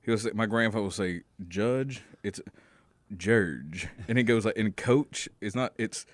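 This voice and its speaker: A male radio co-host in casual banter, animated and rambling with many fillers. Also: fairly low pitch, fast talker, no echo.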